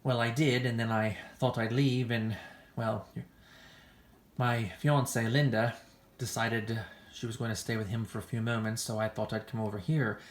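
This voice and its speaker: A woman voicing a smooth-talking, flirtatious man who gushes theatrically. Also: very deep voice, level tone, normal speed. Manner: theatrical, gushing. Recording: echoey room.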